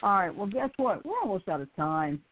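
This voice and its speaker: A woman co-host talks with a lively, swooping pitch and an upbeat manner. Her voice comes through thin and narrow, like a phone-line call into an internet radio show. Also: fairly quick, slightly rough. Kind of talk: casual chat, signing off the show.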